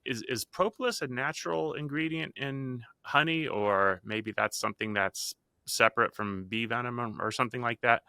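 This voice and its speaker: A man's voice: mid-range voice, normal speed, few pauses, bright, forceful tone, no room sound. A man hosting a podcast interview who asks easygoing, curious questions. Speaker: podcast host. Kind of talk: interview conversation.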